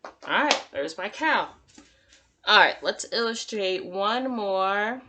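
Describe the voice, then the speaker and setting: A woman teacher giving a gentle, encouraging drawing lesson to young children and talking through each step as she draws. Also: medium pitch, lively intonation, slow pace, noisy background. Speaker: kindergarten teacher.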